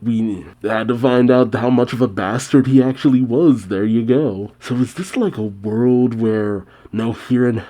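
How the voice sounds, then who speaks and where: A man reads through a manga chapter and reacts as he goes, unhurried and dry. His voice is mellow and darkish, his humor wry and low-key.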